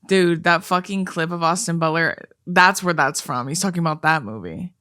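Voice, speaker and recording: A young woman gossips and rants with animated energy, swearing freely. Her voice is bright and sits slightly low, recorded close and dry. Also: normal speed, no room sound. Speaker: podcast co-host. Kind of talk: casual chat.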